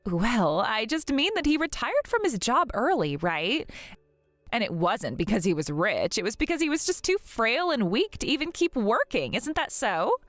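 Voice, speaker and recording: A haughty rich young woman, voiced by a woman in an animated story drama, speaking with mocking, sing-song contempt. Her voice leaps up and down in lively swings. It sits dry and close, with faint music underneath. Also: on the high side, no echo.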